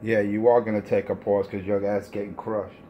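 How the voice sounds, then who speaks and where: A man's voice: lowish voice, little pitch movement, brisk, lo-fi sound, music in the background. A man trash-talking over the radio, taunting and repeating himself, with plenty of profanity. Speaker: CB radio talker.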